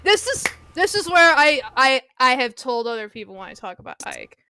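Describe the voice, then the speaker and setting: A woman playing in a tabletop game, chatting casually in a giggly, hesitant, animated way. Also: sits high, moderate pace, a little hiss or hum. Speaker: player. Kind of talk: casual chat.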